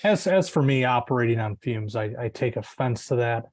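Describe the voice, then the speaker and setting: A man giving his sports picks in a halting way, often repeating words as he thinks. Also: medium pitch, lively intonation, dry recording. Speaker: sports panelist. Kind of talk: casual sports picks chat.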